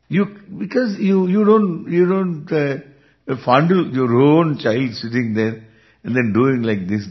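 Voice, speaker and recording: A man with an Indian accent gives a Vedanta discourse as a spiritual teacher. He speaks very slowly, with a lively rise and fall, and chuckles often. The recording is dull and lo-fi. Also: medium pitch. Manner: unhurried, chuckling, lively intonation.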